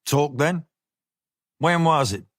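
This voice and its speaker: Male narrator voicing a drawling, slangy hired fixer; slow and swaggering. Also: fairly high pitch, lively intonation, dry recording, studio quality. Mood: drawling menace. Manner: drawling, easygoing slang with menace. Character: smooth, menacing male American fixer, casual swagger.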